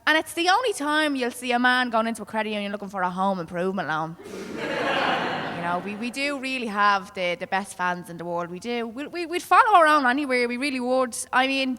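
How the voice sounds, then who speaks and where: Dublin woman comic, bright higher voice, brash and sweary, club reverb trailing. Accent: Dublin Irish. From Ireland. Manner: brash, swearing, conversational storytelling. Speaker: stand-up comedian. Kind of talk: stand-up comedy set. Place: comedy club stage.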